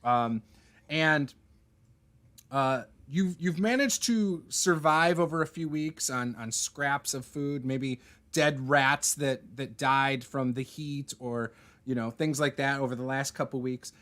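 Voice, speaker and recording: A man's voice: mid-range voice, takes it slowly, a bit bright. A man running a tabletop game over a video call, narrating loosely with many fillers. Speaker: game master.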